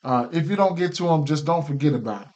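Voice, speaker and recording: A man runs through his sports betting picks in a loose, easygoing way, full of fillers and restarted phrases. His voice sits slightly high for a man, and a case of the hiccups breaks in now and then. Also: lively intonation, fast, a little mellow, muffled recording. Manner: loose, filler-heavy, repeats himself. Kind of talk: casual betting picks talk.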